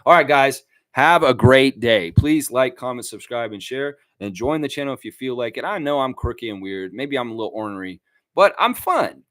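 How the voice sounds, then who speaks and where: Animated man hosting a fan livestream. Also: mid-range voice, moderate pace, no echo. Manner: animated, rambling, talks to chat. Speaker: fan channel host. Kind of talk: casual livestream commentary.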